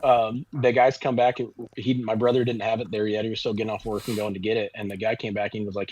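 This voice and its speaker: Guest man, low husky voice, rambling storyteller, dry dull lo-fi audio. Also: fast, few pauses, no room sound. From Kansas City area. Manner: rambling, animated storyteller with many restarts. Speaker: barbecue pitmaster guest. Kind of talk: casual storytelling interview.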